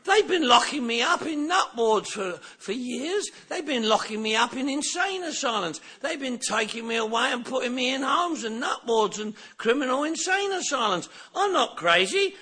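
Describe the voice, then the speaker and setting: A high, bright man's voice tells his story with lively swings of pitch. He talks in an animated way and breaks into laughter and shouts as the story builds. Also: measured pace. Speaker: recovery speaker. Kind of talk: storytelling recovery talk.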